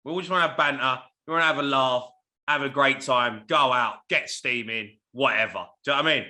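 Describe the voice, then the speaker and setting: A man's voice: mid-range voice, fairly quick, pushed and bright. A man, a former footballer, chatting bluntly with laddish banter and swearing. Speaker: former footballer, podcast guest. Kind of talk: casual chat.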